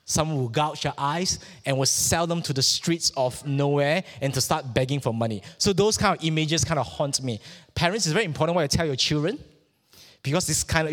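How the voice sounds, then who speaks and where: A man's voice: a little high, fairly bright tone. A middle-aged man from Malaysia preaching a sermon, telling a personal story and stumbling over repeated words as his fervor builds. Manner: halting and repetitive, rising with fervor. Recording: long hall reverb.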